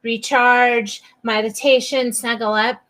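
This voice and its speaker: A woman's voice: on the high side, little pitch movement, takes it slowly, sharp tone. A woman interview host who sums up her guest's points and keeps checking in with her. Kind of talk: conversational interview.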